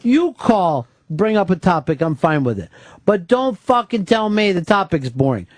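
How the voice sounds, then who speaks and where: A man's voice: high-pitched, big pitch swings, normal speed, no echo. A middle-aged man hosting a radio show, ranting angrily and swearing at a caller. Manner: profane, heated, scolding. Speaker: radio host. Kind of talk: angry on-air rant. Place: radio studio. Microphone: studio microphone.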